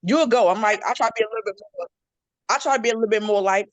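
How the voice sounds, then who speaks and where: A middle-aged woman chatting casually in a group discussion, telling stories with lively quoted voices. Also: racing, dry recording. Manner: animated storytelling, jumps into high-pitched quoted voices. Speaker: panel guest. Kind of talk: casual chat.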